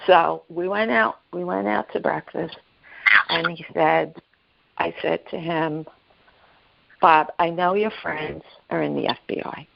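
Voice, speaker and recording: A woman telling an emotional personal story as a guest, halting and repeating herself, acting out the voices of the people she quotes. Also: lowish voice, fairly even intonation, vocal fry, muffled recording, a little hiss or hum. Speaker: guest sharing her story. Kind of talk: emotional personal testimony on a podcast.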